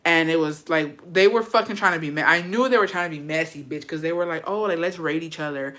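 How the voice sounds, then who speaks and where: Young woman vlogging, bright voice, swears a lot, chatty storytime vibe. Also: low voice, fast talker. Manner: profane, chatty, dramatic asides to viewers. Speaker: vlogger telling a personal story. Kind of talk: casual storytelling.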